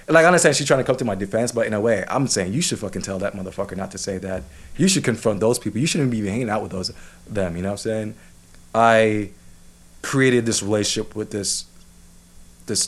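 A man with a fairly low voice tells a personal story in a loose, casual way. He sounds heated and swears freely, circling back with restarts and "you know what I'm saying.". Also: a little fast.

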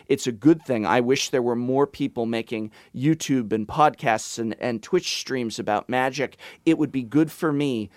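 A man's voice: medium pitch, dry recording, studio quality. A man co-hosting a podcast, talking in a passionate, emphatic way and giving advice. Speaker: podcast co-host. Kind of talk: casual podcast chat.

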